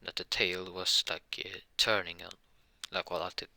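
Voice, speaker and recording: Deep-voiced man rambling through a fan story. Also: little pitch movement, normal speed, sharp tone, dry recording. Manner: rambling, frequent self-corrections. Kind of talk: improvised fan-fiction narration.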